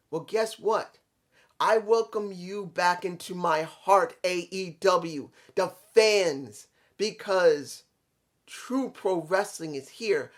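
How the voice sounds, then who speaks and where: A man playing a proud veteran wrestler speaking slowly. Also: sits high. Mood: solemn. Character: veteran male wrestler welcoming fans home, proud.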